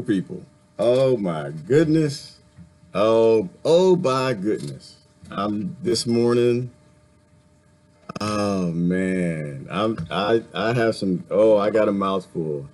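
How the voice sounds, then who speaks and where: A man's voice: fairly low pitch, lively intonation, slow pace, darkish tone. A man hosting a casual livestream, talking bluntly and repeating himself, a little annoyed. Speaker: livestream host.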